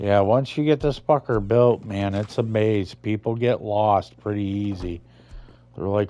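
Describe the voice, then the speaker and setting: On his own gaming channel, a man with a lowish, dark, fairly even voice talks a little slowly while playing a video game. His commentary is casual, laid-back, profane and rambling.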